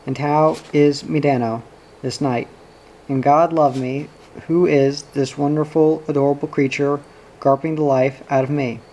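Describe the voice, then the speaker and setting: A man's voice: fairly high pitch, fairly even intonation, a little slow, dark tone, rough recording. A man voicing a jovial, tipsy middle-aged father who talks in a boisterous, florid, sing-song way.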